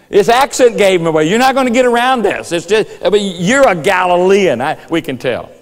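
A man preaching a sermon in a church, telling the story lively and acting out voices and rooster calls. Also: a little high, moderate pace, few pauses. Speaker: pastor. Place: church sanctuary. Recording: reverberant church hall.

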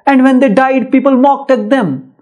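A man's voice: very high voice, normal speed, a little mellow. A man giving a poetry lecture in an emphatic, repetitive style full of rhetorical questions. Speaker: literature lecturer. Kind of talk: poetry lecture mixing English and Hindi.

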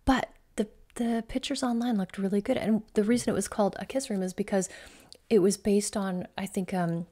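A woman hosts her own coaching podcast and tells a personal travel story off the cuff. Her pitch sits right in the middle for a woman. She rambles cheerfully and fills her sentences with "like" and "so". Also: mellow. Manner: chatty, rambling, peppered with "like".

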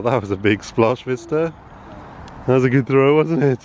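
A young man narrates a family vlog in a relaxed, chatty way, lifting into a sing-song voice whenever he talks to his toddler. His voice sits at a middle pitch. It is recorded on a handheld camera, with clear background noise under it. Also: normal speed, dull audio. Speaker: father vlogging with his toddler. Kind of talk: casual home vlog narration. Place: home kitchen, then outdoors by a canal. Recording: noisy handheld camera audio. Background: appliances humming, then outdoor and traffic noise.

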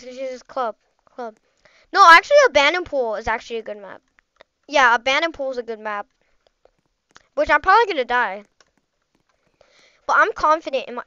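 Woman, gaming host, high bright voice, excitable rambling play-by-play, dry close sound. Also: no echo, lo-fi sound. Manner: excitable, chatty, rambling with frequent "like" and "bro". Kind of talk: live gameplay commentary.

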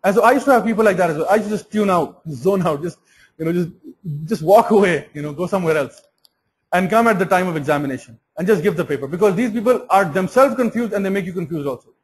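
A man's voice: high-pitched, expressive, fast talker, low-quality recording. A man giving an earnest Islamic sermon, often restarting and repeating words. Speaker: Islamic preacher.

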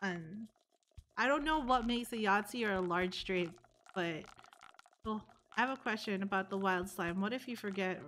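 A woman's voice: mid-range voice, normal speed, a bit bright, a little hiss or hum. A woman streamer chatting casually during a game, teasing her opponent and explaining rules.

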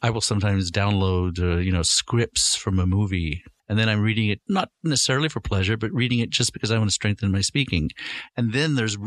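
A man's voice: on the low side, fairly bright tone. A man, a guest professor, explaining points in an interview and acting out example sentences as he goes. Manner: lecturing, acts out example sentences.

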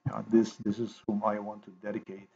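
A man with a slightly low voice talks through a video edit, half to himself and half to his viewers. He loops back over phrases, stalls on fillers and repeats lines over and over. The recording sounds dull and lo-fi. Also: completely flat delivery, vocal fry, a little mellow. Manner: repetitive, halting, thinks aloud with many fillers. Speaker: video maker. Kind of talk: rambling monologue while editing a video.

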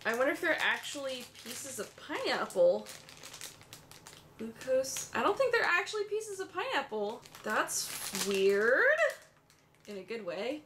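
High-voiced young girl vlogger, gushy and squealy over makeup, talks kinda slow. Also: a little hiss or hum. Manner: gushing, excitable, squealing. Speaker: beauty vlogger. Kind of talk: unboxing a makeup swap.

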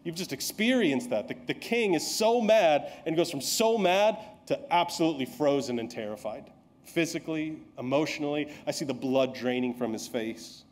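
A man's voice: fairly high pitch, animated, normal speed. A male pastor preaching a sermon in a church, telling the story vividly and asking the listeners rhetorical questions.

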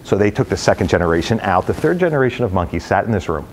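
In a company headquarters event space, a real estate executive addresses a room of brokers in a casual live talk. The middle-aged man talks fast in a very deep voice, rambling energetically through his stories with lots of fillers, while a faint hiss sits under the audio.

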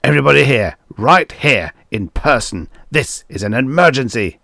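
Male reader doing a sulky, domineering boss: rumbling and petulant, dry close recording. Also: lively intonation, moderate pace, gravelly, pushed and bright, no echo. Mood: petulant, bossy. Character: chubby petulant male TV producer, bossy.

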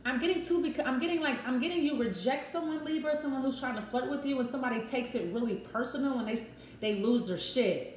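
In an echoey room with a bit of background noise, a woman with a high voice talks fast through a relaxed tarot reading. She reasons aloud and puts on brief voices for quotes.

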